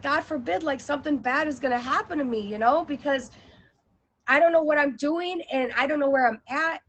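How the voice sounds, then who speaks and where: A woman telling a personal story in a lively, animated way, often laughing and acting out her own panic. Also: high-pitched, rough recording.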